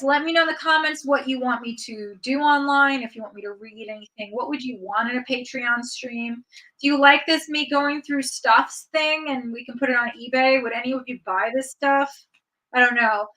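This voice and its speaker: Casual livestream host, woman, bright and crisp tone, giggly and rambling, reads viewer comments aloud. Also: high-pitched, poor audio. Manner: chatty, reads out viewer comments and answers them; giggly, rambling with many likes. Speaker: streamer hosting a live chat.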